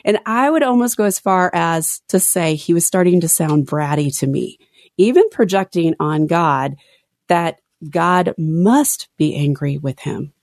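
Expressive woman co-hosting a Bible podcast. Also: lowish voice, unhurried, no room sound, studio quality. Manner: expressive, reads scripture aloud, self-interrupting. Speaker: podcast co-host. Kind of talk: casual Bible study chat.

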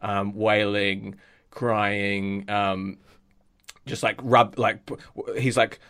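A man's voice: fairly low pitch, little pitch movement, takes it slowly, fairly bright tone. A man co-hosting a comedy podcast, telling an improvised silly story with lots of fillers and restarts. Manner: rambling, hesitant, acts out silly quoted voices.

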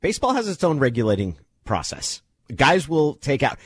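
A male host giving measured analysis in casual sports talk. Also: medium pitch, wildly swooping pitch, slightly rough, dry recording.

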